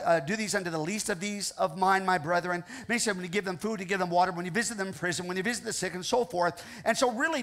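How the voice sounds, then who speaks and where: A man's voice: sits high, vocal fry, fairly bright tone. A man with a Midwestern American accent preaching a sermon as pastor, earnest and repetitive, often checking in with the congregation. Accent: Ohio, American Midwest. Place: church sanctuary.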